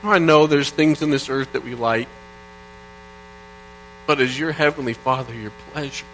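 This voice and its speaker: A middle-aged man from Indiana preaching a sermon, reading psalms aloud in an earnest way that swings between quiet and loud. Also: mid-range voice, normal speed. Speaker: pastor. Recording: faint mains hum. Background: faint mains hum.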